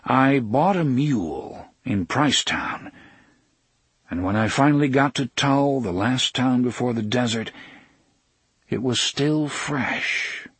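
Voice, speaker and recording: A man voicing a weary, solemn gunslinger who speaks slowly and measuredly. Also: mid-range voice, a bit bright, breathy edge, no echo. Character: grave weary gunslinger man, middle-aged.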